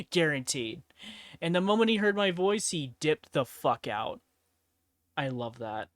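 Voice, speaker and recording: A woman's voice: on the low side, huge pitch swings, slow pace, dry recording. A woman streaming in casual chat while painting miniatures, laid-back, laughing often and swearing freely. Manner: laid-back, giggly and profane.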